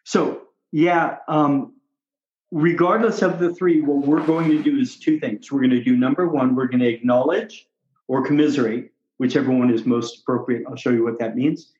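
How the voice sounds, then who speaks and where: A man's voice: medium pitch, steady tone, moderate pace, darkish tone. Emphatic man coaching, roomy dull sound. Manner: emphatic, repetitive, role-plays patients. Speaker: doctor coaching on patient communication. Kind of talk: casual coaching talk. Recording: roomy, slightly dull recording.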